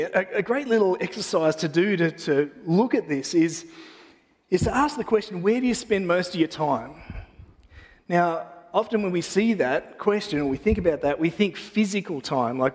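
A man preaching a sermon in a church, praying and then telling a personal story in a casual, animated way with self-deprecating humor. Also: on the high side, in a large hall. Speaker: pastor. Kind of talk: sermon with prayer and personal anecdote.

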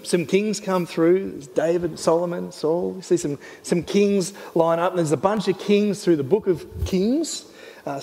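Male pastor, slightly high, mellow voice, earnest sermon delivery, hall reverb. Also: creaky. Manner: earnest, animated, often voices God in quotes. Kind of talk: sermon teaching.

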